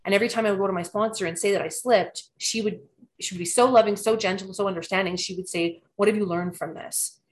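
A woman's voice: mid-range voice, fairly even intonation, quick pace, slight background noise. A woman in her thirties, telling her recovery story in an earnest, reflective way, often restarting her sentences. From Canada. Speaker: recovery program member sharing her story. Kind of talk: personal recovery testimony.

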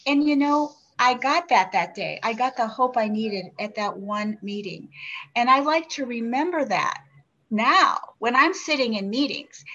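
A woman's voice: a little high, bright, forceful tone. A woman in her sixties giving an earnest, reflective personal share at a recovery meeting. She often restarts and asks herself questions. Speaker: member sharing at a recovery meeting. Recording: dull lo-fi recording.

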